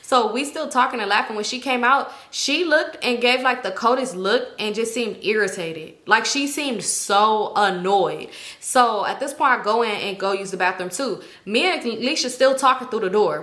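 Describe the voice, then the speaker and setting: Animated, blunt young woman storyteller. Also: a little high. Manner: animated, blunt, profane, acts out every voice. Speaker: storytime vlogger. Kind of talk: storytime vlog. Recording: echoey room.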